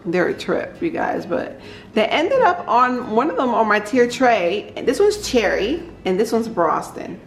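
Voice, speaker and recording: A woman's voice: fairly high pitch, big pitch swings, unhurried, slight background noise, low-quality recording. A woman chatting casually to viewers in her home kitchen, speaking into a handheld camera. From Georgia, US. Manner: chatty, warm asides to viewers. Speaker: lifestyle vlogger and mother. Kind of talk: casual vlog chat.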